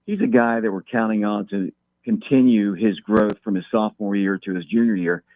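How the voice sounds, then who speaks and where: A man's voice: on the low side, steady tone. Man on a tinny phone line. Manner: measured, repeats words when thinking. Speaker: guest talking local high school football. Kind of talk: phone-in interview.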